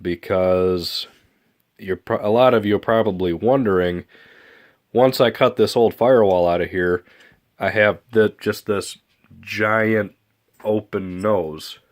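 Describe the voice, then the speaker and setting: A man with a nasal, congested voice, casually explaining his model airplane build in a rambling, relaxed way. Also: on the low side, slow. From Michigan. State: stuffed-up nose. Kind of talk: casual build update vlog.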